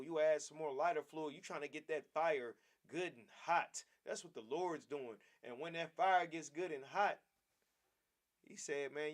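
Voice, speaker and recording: A man preaching a Bible lesson with a somewhat high voice. He hammers his points with repeated phrases and speaks straight to his listeners, calling them "man" as he goes. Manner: emphatic, repetitive, calls listeners "man". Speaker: class teacher.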